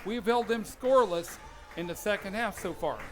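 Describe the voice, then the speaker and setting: Folksy high-voiced color commentator. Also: male voice, fairly quick, faint music behind. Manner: folksy, chatty analysis with bursts of enthusiasm. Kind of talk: live radio sports commentary.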